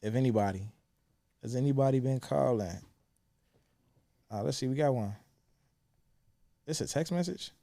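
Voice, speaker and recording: A man's voice: mid-range voice, lively intonation, normal speed, vocal fry, pauses often, dark tone. A young man hosting a podcast, talking candidly and reflectively with frequent swearing. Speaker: podcast host. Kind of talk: casual chat.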